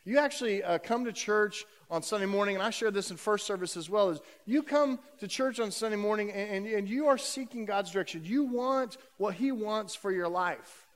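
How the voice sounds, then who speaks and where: Male pastor, sermon, conversational, high voice, long echo in the sanctuary. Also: normal speed, hardly any pauses. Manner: conversational, many fillers and restarts. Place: church sanctuary.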